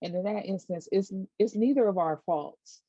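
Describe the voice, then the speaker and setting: A woman vlogger casually recapping a TV episode, chatty and animated, acting out quotes and dropping side comments. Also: medium pitch, moderate pace, no echo, lo-fi sound. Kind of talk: casual chat.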